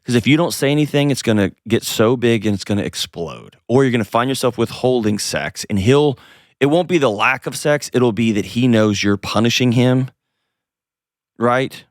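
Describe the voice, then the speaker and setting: Male advice host: blunt, coaching, middle pitch, dry close mic. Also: moderate pace, dry recording. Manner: direct, coaching, playful asides. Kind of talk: advice call-in show.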